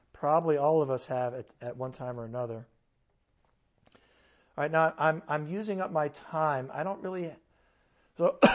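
A man's voice: a little high, highs cut off. A man preaching a sermon in church, conversational and earnest, with sudden bursts of emphasis.

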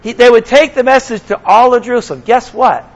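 A man's voice: extremely high pitch, a little fast, lo-fi sound. A man preaching a sermon as pastor, talking conversationally to his congregation and slipping in sarcastic asides.

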